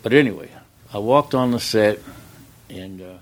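A man's voice: lowish voice, normal speed, rough recording. An older man, a stuntman, telling rambling folksy stories in a casual interview, with plenty of "uh"s. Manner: folksy, rambling anecdotes with frequent "uh" and acted-out dialogue.

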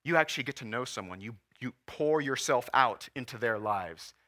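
A pastor in his forties preaches in church with a bright, forceful voice. He talks earnestly and with feeling, holding back tears at times. His pitch sits in the middle for a man. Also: animated, moderate pace. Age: 40s. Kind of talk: sermon.

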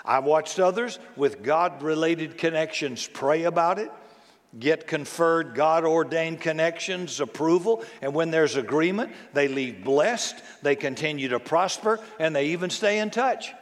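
Male pastor, sermon, chatty preaching with rhetorical questions, fairly high voice, long church reverb. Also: a little slow. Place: church sanctuary.

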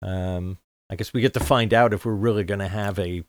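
A male podcast co-host who stops and starts as he hunts for names, dropping the odd casual curse. His voice is on the low side and recorded dry and close. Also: fairly even intonation, dry recording. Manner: halting, searching for words, swears casually. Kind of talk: casual chat.

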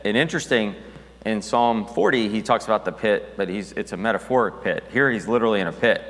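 A man's voice: lowish voice, moderate pace, a bit bright, big-room sound. A man preaching a sermon as pastor, talking conversationally with restarts and reading scripture aloud.

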